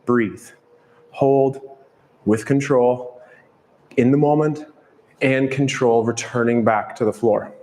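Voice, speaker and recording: A man leads a barre workout with steady, calm cues and counts. His voice carries a long reverb from the studio space. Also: mid-range voice, takes it slowly, pauses often. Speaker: fitness instructor. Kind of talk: follow-along workout cueing.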